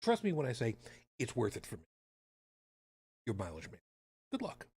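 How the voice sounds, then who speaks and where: Husky, lively-voiced male podcast host. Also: medium pitch, normal speed. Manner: sarcastic, rambling asides. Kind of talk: casual chat.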